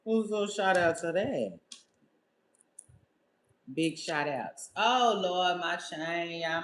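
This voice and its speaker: Laid-back woman podcaster chatting slow and loose, kinda low voice, echoey room. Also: a little hiss or hum. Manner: laid-back, laughing, slangy. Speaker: podcast host. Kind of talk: casual chat to viewers.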